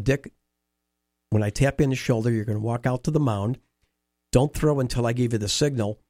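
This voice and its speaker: Man telling lively stories, dry sound. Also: medium pitch, no room sound. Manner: animated anecdotes with quoted dialogue. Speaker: interview guest, former baseball team staffer. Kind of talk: storytelling conversation.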